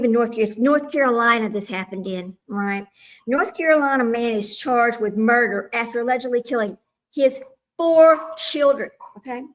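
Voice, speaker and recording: Woman livestream host, higher-pitched, chatty, talks straight to viewers, mutters asides. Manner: flustered with tech, muttering asides. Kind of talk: casual livestream chat. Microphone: small microphone.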